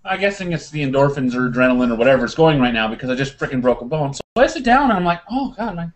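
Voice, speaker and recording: A man on a casual podcast, excitedly telling a story and acting out the quotes with plenty of laughter. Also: medium pitch, quick pace. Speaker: podcast guest.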